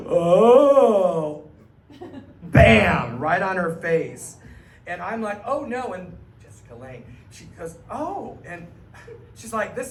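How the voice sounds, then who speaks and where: A middle-aged male cabaret performer tells a rambling story to a live audience, breaking into little acted voices for the people in it. His voice sits a bit high for a man. The sound is roomy, as on a stage, with a faint hum of room noise behind him. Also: distant mic. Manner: animated, chatty, acts out the people in his stories. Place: small arts venue stage, live audience.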